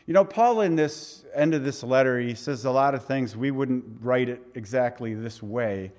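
A man preaching a verse-by-verse sermon, conversational and emphatic, with off-hand asides and touches of sarcasm. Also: medium pitch. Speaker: pastor. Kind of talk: expository sermon.

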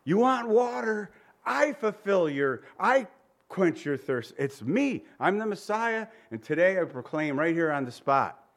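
A preacher voicing a rabbi proclaiming loudly. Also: male voice, fairly high pitch, big pitch swings, unhurried. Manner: loud, proclaiming. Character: young male rabbi proclaiming to a crowd.

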